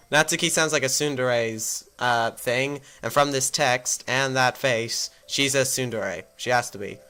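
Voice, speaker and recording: A man's voice: medium pitch, unhurried, pushed and bright, smooth. A man doing let's play commentary and reading game text aloud, rambling and correcting himself as he goes. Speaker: gamer.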